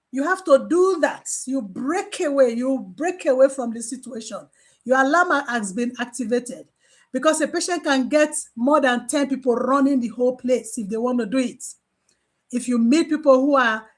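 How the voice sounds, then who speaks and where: A woman gives a casual training talk from the viewpoint of a mental health nurse, acting out what she and her patients said. Her high voice is animated, and she repeats key phrases for emphasis.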